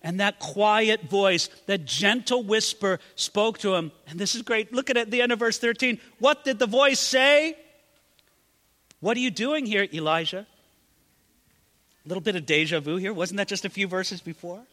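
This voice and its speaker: A man's voice: high voice, lively intonation, normal speed, few pauses, sharp tone, in a large hall. A man preaching a sermon, dramatically acting out quoted prayers in a raised voice. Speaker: pastor.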